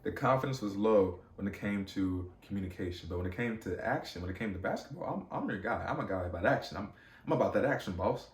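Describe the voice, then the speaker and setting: A young man hosting a podcast, telling a personal story in a casual, slangy, animated way with many fillers and restarts. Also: fairly low pitch, fast, far from the mic. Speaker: podcast host. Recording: echoey room, off-mic.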